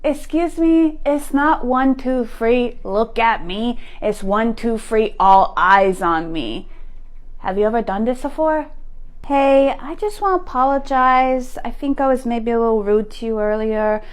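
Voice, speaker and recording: A self-important six-year-old with a high, piping voice, played by a woman in a comedy sketch. The kid bosses everyone around and says exactly what they think, with total confidence. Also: measured pace. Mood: bossy, indignant. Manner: bossy, blunt, self-important. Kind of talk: comedy sketch character monologue.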